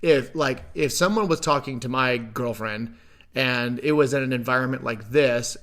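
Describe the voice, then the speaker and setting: A man delivers reaction commentary on a debate clip, conversational and emphatic. He leans on rhetorical questions to drive his points home, in a plain, mid-pitched voice. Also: fairly bright tone.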